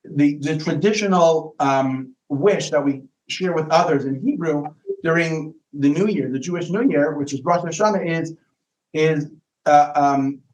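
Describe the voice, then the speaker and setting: A man's voice: a little high, a little mellow. A rabbi talking with a podcast host, explaining ideas thoughtfully and often repeating words as he searches for the right phrasing. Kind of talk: casual explanatory conversation. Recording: echoey room.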